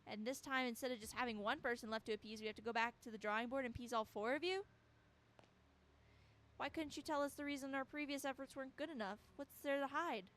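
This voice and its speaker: A woman's voice: high-pitched, fast talker, fairly bright tone. A woman voicing a stern teenage schoolgirl in a horror game, demanding and indignant.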